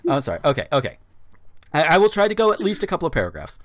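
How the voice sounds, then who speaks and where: A man's voice: on the high side, wildly swooping pitch, quick pace, no echo. A man in his thirties hosts a casual podcast, swinging his voice widely as he reacts in disbelief. He swears freely and exaggerates his outbursts. The recording is close and dry. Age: 30s. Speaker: podcast host. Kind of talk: casual podcast chat with dramatic readings.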